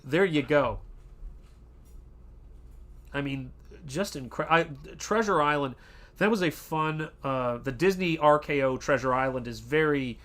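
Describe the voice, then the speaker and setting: A man's voice: fairly high pitch, fairly bright tone. A man hosting an art channel, chatting casually and rambling, with many fillers and restarts. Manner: does quick pirate voices in quotes. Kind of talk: casual livestream chat.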